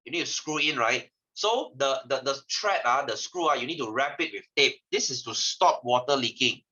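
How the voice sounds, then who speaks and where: Man, malaysian english accent, science teacher, bright forceful voice, teasing lively manner, slightly dull lo-fi audio. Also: mid-range voice, normal speed. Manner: lively, teasing, peppered with lah and ah. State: tired, yawning. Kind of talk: online class lesson.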